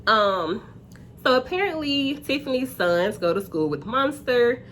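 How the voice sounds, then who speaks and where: A woman hosting a casual reality TV recap, chatty and acting out quotes in high voices. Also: animated, measured pace, fairly bright tone, a little hiss or hum.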